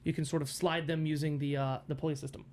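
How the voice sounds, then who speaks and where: A man narrating as game master of a tabletop game, halting with fillers and restarts and laughing often. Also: fairly high pitch, flat delivery, a little mellow, slight background noise.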